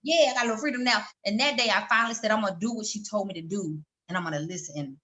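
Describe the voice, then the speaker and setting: A middle-aged woman with a bright, forward voice tells a personal story as a guest in a conversation. She is animated, slipping into the voices of the people she quotes. Her pitch sits in an ordinary middle range. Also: rapid-fire.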